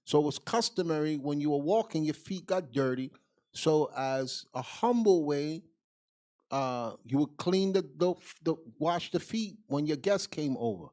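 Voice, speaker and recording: A man's voice: fairly high pitch, animated, unhurried, a little mellow. A man teaching as a deacon, answering viewer questions in a Bible class in a blunt, emphatic, street-casual way.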